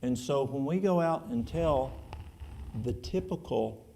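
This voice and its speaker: Church elder, male, East Tennessee Appalachian accent, folksy and plain-spoken, dark gravelly tone. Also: mid-range voice, lively intonation, measured pace, slight background noise. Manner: folksy, plain-spoken, drawling with colloquial speech. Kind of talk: answering audience questions in church.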